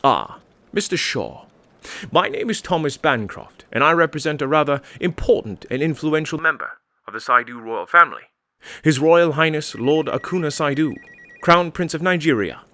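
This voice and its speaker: A velvet-smooth English con man on the phone, as a man acts him out, courteous and formal to a fault. His voice sits fairly high and swoops through a wide, lively range as he butters up his mark. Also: normal speed. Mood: ingratiating. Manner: formal and unflappable. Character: smooth-talking polite English male phone scammer. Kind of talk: comedy sketch acting.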